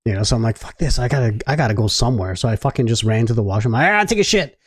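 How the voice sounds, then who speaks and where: A man's voice: fairly low pitch, racing, a little mellow, breathy edge, no room sound, studio quality. A man co-hosting a podcast, telling a crude story in a laid-back way, agreeing a lot and swearing often. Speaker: podcast co-host. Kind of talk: casual chat.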